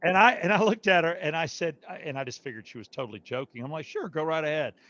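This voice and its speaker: A brash middle-aged man tells bawdy tales in a slightly high voice, animated and unfiltered. The recording is dry and a little dull, with no room around it. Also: quick pace, no room sound. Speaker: guest comedian. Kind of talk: casual storytelling.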